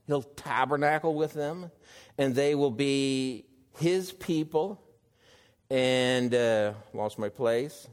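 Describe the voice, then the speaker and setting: A man preaching a sermon, slow and measured, building to emphatic exclamations. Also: mid-range voice, a little mellow, long reverb tail.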